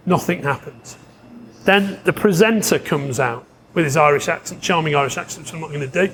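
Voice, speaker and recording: A man telling a long story in a casual podcast chat, animated, laughing often and swearing, with many restarts. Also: fairly high pitch, brisk, a little hiss or hum. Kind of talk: casual anecdote.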